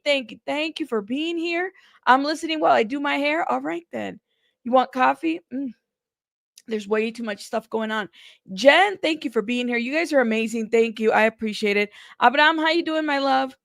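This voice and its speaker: A woman's voice: high-pitched, gravelly, no room sound, studio quality. A woman hosting a casual news livestream, chatty and greeting her viewers one by one by name.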